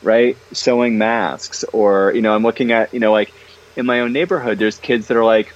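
A man guesting in a casual interview conversation, talking about his books in an animated, chatty way, full of fillers and restarts. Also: fairly low pitch, normal speed, dull audio. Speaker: guest, parenting author.

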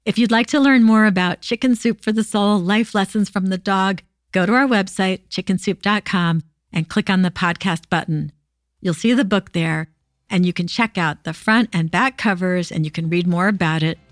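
A woman hosting a podcast, reading true stories aloud in a steady, expressive way. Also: medium pitch, normal speed, dry recording, clean studio sound. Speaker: podcast host.

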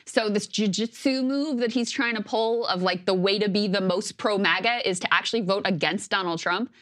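A woman co-hosting a political talk show, giving brisk, dismissive analysis. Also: mid-range voice, a bit bright. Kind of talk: political commentary chat.

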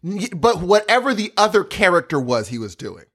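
A man co-hosting a podcast, chatting casually, excitable and stumbling over his words. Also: sits high, brisk, husky. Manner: excitable, stumbling restarts, says dude. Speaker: podcast co-host.

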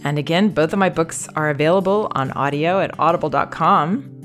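A woman hosting a parenting advice podcast, talking in a calm, measured, thoughtful way. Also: deep voice, soft background music.

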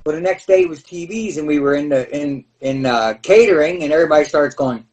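A middle-aged man, a former pro wrestler, telling animated backstage stories in an interview. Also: fairly high pitch, quick pace, distant mic, lo-fi sound. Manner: animated, acts out voices and shouts. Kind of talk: storytelling in a podcast interview.

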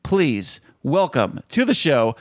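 A man's voice: medium pitch, big pitch swings, slow, noisy background. A man co-hosting a podcast in a jokey, upbeat manner. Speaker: podcast co-host. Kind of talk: casual podcast chat.

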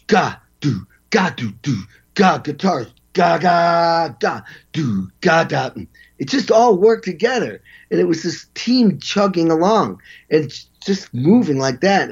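Animated male drummer telling stories. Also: a little high, husky, muffled recording. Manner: animated, acts out quotes and vocalizes drum parts. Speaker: guest, session drummer. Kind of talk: storytelling interview.

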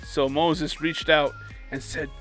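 Bright-voiced man reading scripture. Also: on the high side, little pitch movement, slow pace, soft background music. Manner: reads passages, then jokes and laughs. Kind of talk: Bible reading and casual discussion.

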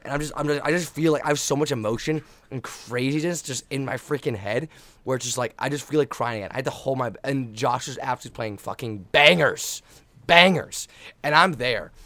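A man's voice: mid-range voice, fairly bright tone, no echo. A young man telling a rambling, profanity-laced story in casual chat, hyped-up and emotional. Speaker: podcast co-host, volleyball player.

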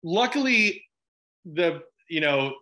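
A middle-aged man from Chicago, an actor chatting in an interview, animated and quick to laugh, with lots of restarts. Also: a little high. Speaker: actor guest. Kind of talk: casual interview chat.

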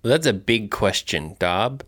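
A man co-hosting a comedy podcast, answering his partner's jokes with dry deadpan lines. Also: lowish voice, a little slow. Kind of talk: improvised comedy banter.

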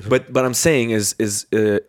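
A man's voice: mid-range voice, fairly even intonation, moderate pace, dry recording, clean studio sound. A man hosting a podcast in casual chat, playful and fond of jokey put-on voices. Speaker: podcast host.

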